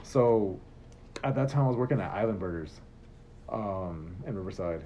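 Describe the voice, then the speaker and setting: A man telling his life story in a casual interview, animated and swearing freely. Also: low voice, moderate pace, a little hiss or hum. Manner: animated, swears freely, acts out quoted exchanges. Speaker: guest telling his career story as a chef. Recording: dull, muffled recording.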